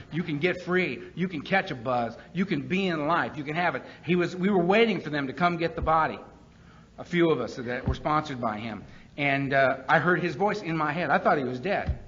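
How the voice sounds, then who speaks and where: A man with a fairly high, forceful voice tells his story to a meeting. He speaks earnestly and repeats key lines for emphasis. The meeting recording sounds muffled and lo-fi. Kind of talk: personal testimony talk. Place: meeting hall with a live audience. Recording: dull lo-fi meeting recording with faint background hiss.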